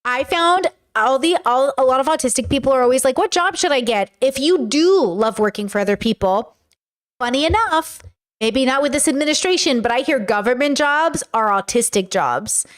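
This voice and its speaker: High-pitched young woman streamer, rambly and sweary, just chatting with chat. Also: expressive, moderate pace. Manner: rambling, filler-heavy, swearing. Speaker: streamer reacting to clips. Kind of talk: casual reaction chat to a live chat.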